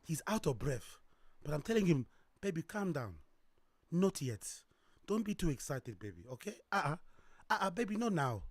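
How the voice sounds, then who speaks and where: A flirty seductive woman, as a man puts her on, murmurs low and breathy and coaxes her lover along. She keeps her voice soft and quiet, and it sounds close and dry. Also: very animated, normal speed, pauses often, dry recording. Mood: teasing. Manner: teasing, coaxing.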